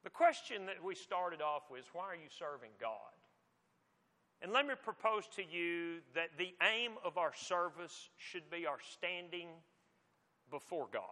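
A man's voice: high-pitched, animated, unhurried, bright, forceful tone. A man preaching a sermon in a conversational, emphatic teaching manner. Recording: long hall reverb.

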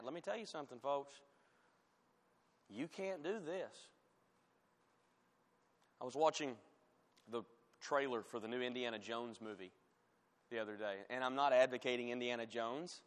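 A man's voice: mid-range voice, normal speed, long pauses. Emphatic preaching man in a reverberant church. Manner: emphatic preaching, rising loud on scripture, dropping to quiet asides. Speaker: pastor. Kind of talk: sermon. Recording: long hall reverb.

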